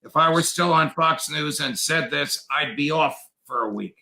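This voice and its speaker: A man talking as a guest in a political interview, deliberate and emphatic, lecturing on history. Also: on the high side, vocal fry, sharp tone, poor audio. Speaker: guest commentator.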